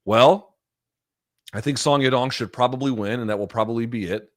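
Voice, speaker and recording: A man hosting a live chat show, talking fast and sarcastically with profanity, in a casual commentary style. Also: medium pitch, dry recording, studio quality.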